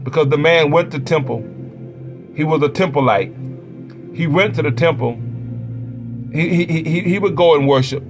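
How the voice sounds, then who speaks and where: A man preaches a sermon in a slightly high voice, repeating phrases in a chant that swells into shouts. Loud music plays under him the whole time. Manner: chanting repetition, rising to shouts.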